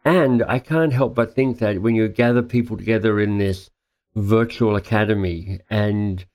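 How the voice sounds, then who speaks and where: A man's voice: lowish voice, steady tone, moderate pace, a little mellow. A man hosting a podcast interview, enthusiastic and joking in casual chat. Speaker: podcast host.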